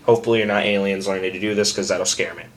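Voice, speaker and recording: A young man giving a casual, rambling tutorial on screaming, self-deprecating and loose, with sudden loud scream demos. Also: deep voice, steady tone, very fast, a little hiss or hum.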